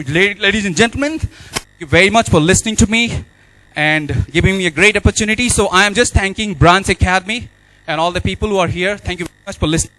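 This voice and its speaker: A man's voice: high voice, bright, forceful tone, slight background noise, poor audio. A man giving a motivational speech, emphatic and repeating key phrases. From India. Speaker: speaker at an awards event.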